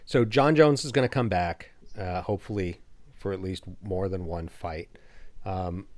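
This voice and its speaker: Low-voiced man rambling about fights. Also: unhurried. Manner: rambling, restarts sentences, enthusiastic. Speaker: podcast host. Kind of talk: casual chat about fighting.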